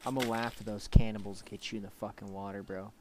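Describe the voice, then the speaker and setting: A young man with a lowish voice streams a survival game and talks to his chat in exasperated, profane banter. He sounds like he is on a headset or desk mic. There is a faint hiss under his voice. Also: level tone, quick pace. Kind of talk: casual gameplay chat.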